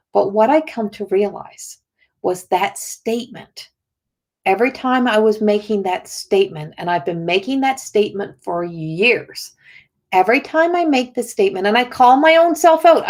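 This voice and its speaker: A middle-aged woman who works as a spiritual healer speaks earnestly on a casual livestream. Her voice sits at an ordinary middle pitch. She circles her thoughts, restarting sentences often as she talks. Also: darkish tone. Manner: earnest, rambling with many restarts.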